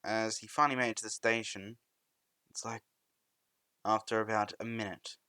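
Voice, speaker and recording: A man's voice: on the low side, fairly even intonation, moderate pace, pushed and bright, smooth, dry recording. A young man narrating a fan story in a rambling, loosely improvised way, often restarting sentences.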